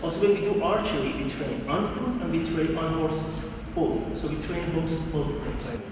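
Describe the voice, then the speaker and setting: A man with a fairly high voice leads a martial arts seminar, walking through moves as he shows them. He is picked up from far off in a large hall with long reverb and steady noise. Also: moderate pace. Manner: explains while demonstrating moves, repetitive phrasing. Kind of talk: seminar demonstration. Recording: echoey hall, distant mic, audible noise.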